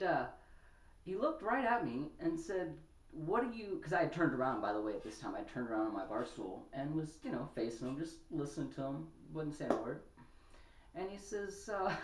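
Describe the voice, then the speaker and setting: A man's voice: mid-range voice, recorded from a distance. Rambling man in an echoey room. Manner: rambling, animated when upset, many restarts. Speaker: podcast host. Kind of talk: casual monologue storytelling.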